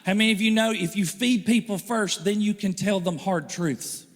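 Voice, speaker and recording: Animated preaching man in reverberant church. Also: sits high, moderate pace. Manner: animated, joking, acts out quoted voices. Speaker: pastor. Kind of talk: sermon. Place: church hall.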